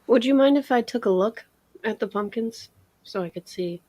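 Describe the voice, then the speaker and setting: A woman's voice: on the high side, normal speed, dark tone, dry recording. A woman co-hosting a casual chat, playful and teasing in how she talks. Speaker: co-host.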